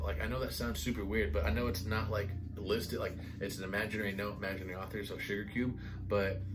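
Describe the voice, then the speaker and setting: A man casually reviewing perfumes in a vlog, excitable and rambling, full of "like" and "guys". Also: lowish voice. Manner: excitable, enthusiastic, rambling with many "like"s. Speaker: fragrance reviewer.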